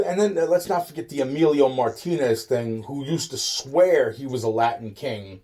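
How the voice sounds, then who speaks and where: A man's voice: medium pitch, moderate pace, hardly any pauses, dark tone. A man delivering a rambling, agitated monologue, swearing constantly and repeating himself. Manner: profane, agitated, repetitive ranting.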